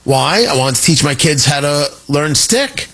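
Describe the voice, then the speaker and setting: A man's voice: on the high side, big pitch swings, measured pace, fairly bright tone. A middle-aged man hosting a talk radio show, delivering an emphatic, opinionated monologue with joking asides into a studio microphone.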